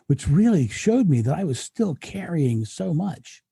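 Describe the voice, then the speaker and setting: A man's voice: on the high side, big pitch swings, a little slow, creaky, mellow, husky, no echo. A man, a guest speaker, talking earnestly in a reflective interview and often restarting his sentences. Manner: earnest, frequent restarts and repetitions.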